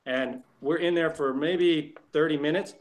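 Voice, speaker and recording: A man's voice: on the high side, fairly even intonation, unhurried. A man hosting a live chat, telling stories with frequent laughs. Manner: laughs often, storytelling. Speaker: host.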